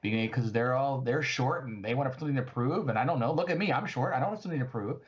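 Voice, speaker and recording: A man playing in a tabletop game, rambling and excitable, restarting his sentences often. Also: mid-range voice, quick pace, highs cut off. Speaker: player. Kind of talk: in-character tabletop play.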